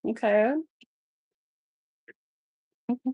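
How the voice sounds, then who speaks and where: A woman's voice: mid-range voice, moderate pace, no echo, low-quality recording. A young woman live streaming while she cooks, chatting casually and talking back to her chat with sass. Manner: sassy, talks back to the chat.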